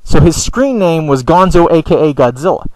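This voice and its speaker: High-voiced guy ranting on his vlog, stammers a lot, swears, whiny and all over the place. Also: lively intonation, normal speed, darkish tone, no echo, poor audio. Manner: aggrieved and whiny. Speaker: video blogger.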